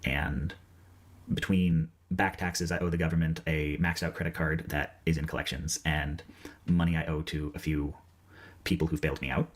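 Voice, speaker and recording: A man from New England speaks as a video essayist delivering a personal update. He is hesitant and soft-spoken, with frequent pauses and fillers. His voice is very deep. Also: little pitch movement.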